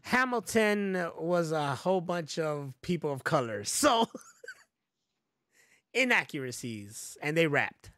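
A man co-hosting a podcast in casual chat, joking loudly and swearing freely. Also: on the high side, very animated, slow, no echo, clean studio sound. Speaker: podcast co-host.

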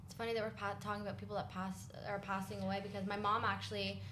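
A woman tells a personal story in lively casual chat, quoting others as she goes. Her voice carries a roomy echo. A faint hiss sits behind it. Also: mid-range voice, fast talker. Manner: animated storyteller who quotes others. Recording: roomy echo with light noise.

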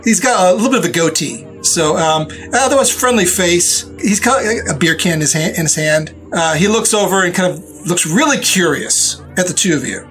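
A man's voice: high-pitched, animated, brisk, few pauses, fairly bright tone, soft background music. A man running a tabletop game as game master, narrating in a rambling way with many restarts.

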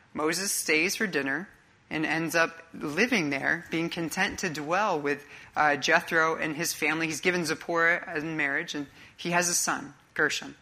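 Male pastor, conversational sermon, bright forward tone, searching questions. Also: on the high side. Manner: earnest, conversational preaching with rhetorical questions.

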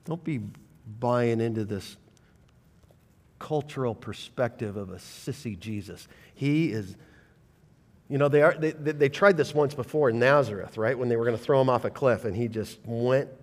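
A man preaching a sermon as pastor, reading scripture and swinging between loud bursts and quiet intensity. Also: medium pitch, in a large hall. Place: church sanctuary.

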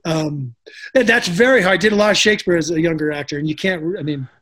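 A middle-aged man with a notably high-pitched voice tells stories in a relaxed interview. He rambles in a chatty way, doubling back and restarting his sentences, like an actor recalling old gigs. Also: fast. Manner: chatty, many restarts and fillers. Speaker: actor, guest. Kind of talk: casual storytelling interview.

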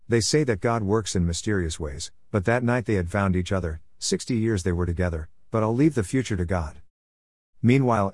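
Man, low voice, wry storyteller, podcast narration, humorous asides, dry close sound. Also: a little mellow, no room sound.

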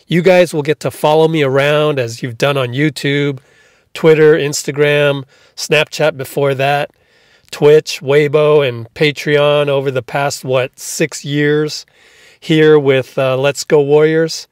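A man's voice: a little high, smooth, no room sound, studio quality. Upbeat man in a radio voice. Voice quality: put-on radio voice. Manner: upbeat, punchy hype delivery. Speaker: podcast host and team beat reporter. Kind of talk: energetic podcast intro monologue.

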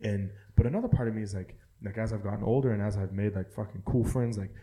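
A man's voice: on the low side, fast talker, dark tone, a little hiss or hum. A young man co-hosting a podcast, chatting casually, profane and rambling with lots of filler words. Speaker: podcast co-host. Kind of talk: casual chat.

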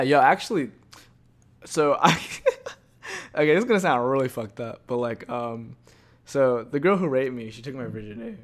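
A young man hosting a podcast, rambling casually with lots of swearing, swinging between quiet confessions and loud animated bursts. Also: medium pitch.

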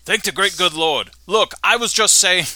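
A man putting on a loud, indignant Australian blowhard, higher than his own voice and shouting down the phone. The tone is bright and forceful, and it is recorded close and dry. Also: moderate pace, no room sound. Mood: angry blustering. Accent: put-on Australian.

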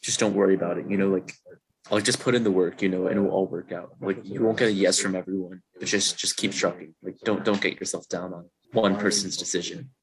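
Speaking quickly in a deep voice, this young adult podcast guest from Virginia rambles in a relaxed way over video call from a dorm room. Crowd noise carries in the background, and "like" turns up in almost every sentence.

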